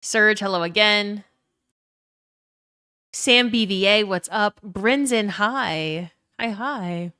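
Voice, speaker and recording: A young woman talks quickly and loosely on her live stream, greeting chat by name and swearing freely. Her voice sits in a middle range, recorded close and dry at home. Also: mid-range voice, pushed and bright, smooth, no room sound. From Louisiana. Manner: fast-talking, swears freely, greets chatters. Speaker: livestreamer. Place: home room.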